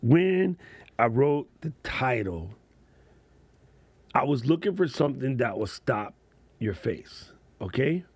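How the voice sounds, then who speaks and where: A man's voice: medium pitch, very animated, takes it slowly, pauses often, darkish tone, slightly rough, no echo. A man hosting a casual livestream chat as a content creator, laid-back and slangy, laughing often.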